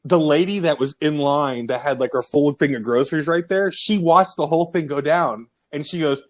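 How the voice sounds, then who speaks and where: A man's voice: on the high side, normal speed, few pauses. A man co-hosting a podcast, telling a funny anecdote in casual chat and laughing along. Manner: chatty anecdote teller, laughs at his own story.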